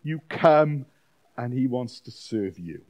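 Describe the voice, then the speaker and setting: A man preaching a sermon as a pastor, swinging from loud dramatic outbursts to quiet, intimate lines. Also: mid-range voice, animated, takes it slowly. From Wales. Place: church weekend-away gathering.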